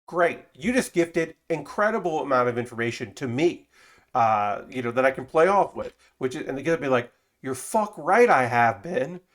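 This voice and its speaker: A man's voice: medium pitch, animated, a little fast. A man streaming while building a model kit, talking casually in a rambling, self-correcting way with frequent swearing. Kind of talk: casual live-stream chat.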